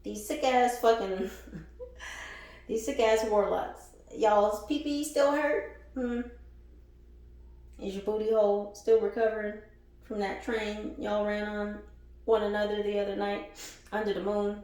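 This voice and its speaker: A woman's voice: mid-range voice, level tone, a little slow, pauses often, warm tone. A woman giving a casual spiritual reading, blunt and profane, who laughs between lines and repeats phrases for emphasis. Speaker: spiritual reader. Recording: very echoey room.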